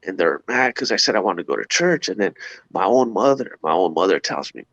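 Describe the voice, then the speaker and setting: A man with a gravelly, creaky voice tells his life story as an interview guest, swinging his pitch up and down as he talks. He uses street slang and acts out sounds. The sound is dull and lo-fi, dry and close. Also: sing-song, fairly quick, fairly bright tone, no room sound. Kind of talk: personal testimony in conversation.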